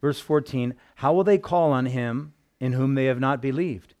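A male pastor preaching a sermon in a conversational storytelling manner, with bursts of loud exclamation. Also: medium pitch, moderate pace.

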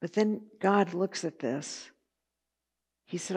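A woman's voice: medium pitch, big pitch swings, slow pace, darkish tone. A woman teaching a Bible study lesson in a conversational way, with chatty asides and filler words.

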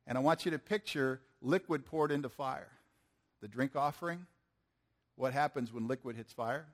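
Here a pastor in his fifties preaches at normal speed with a mid-range voice. His sermon feels like conversation, full of questions to the audience and slangy acted-out quotes.

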